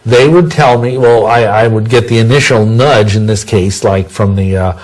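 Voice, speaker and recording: A man's voice: lowish voice, normal speed, poor audio. A man answering interview questions in a rambling, self-correcting way, full of folksy sayings. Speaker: interview guest.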